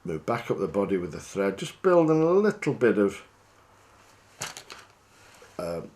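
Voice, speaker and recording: A fishing guide talks through tying a fly, chatty and easygoing. He pokes fun at himself as he goes. His voice sits fairly low. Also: unhurried. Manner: chatty, relaxed, self-deprecating.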